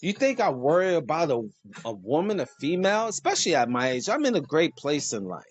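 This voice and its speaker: Animated preachy man with faint music. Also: fairly high pitch, fairly quick, dull audio. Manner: animated, preachy, jokes and laughs at himself. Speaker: host. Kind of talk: casual monologue.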